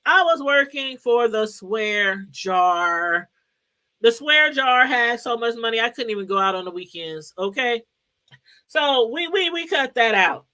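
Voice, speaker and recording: A middle-aged woman talking straight to her viewers in a loose commentary chat, with a lilt. Her voice sits high and sounds bright and forward. She rambles in a lively way, laughs easily and calls out to viewers by name. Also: a little slow. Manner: animated, chatty, laughs often and greets viewers by name. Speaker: YouTube commentary host.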